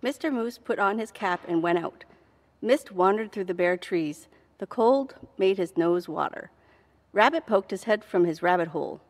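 A woman reading a children's picture book aloud in a church with clear, steady storytelling. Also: medium pitch, moderate pace. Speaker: story reader. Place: church hall.

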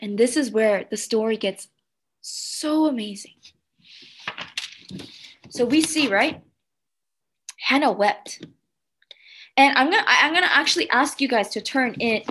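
Woman children's pastor, slow deliberate delivery, animated and engaging. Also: fairly high pitch, a little hiss or hum. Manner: animated, engages kids with questions. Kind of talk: children's sermon.

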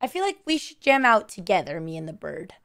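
A young woman streamer with a hoarse, strained voice, chatting casually and playfully cooing at a pet bird. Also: fairly low pitch, sing-song, brisk, fairly bright tone. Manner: playful, coos and sing-songs at a pet bird. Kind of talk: casual live-stream chat.

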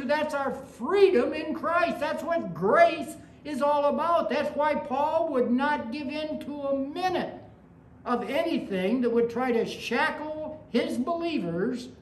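A woman's voice: high-pitched, a little hiss or hum. Conversational woman preacher in an echoey room. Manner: conversational preaching with anecdotes and rising emphasis. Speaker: pastor. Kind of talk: sermon. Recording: echoey room with faint ambience.

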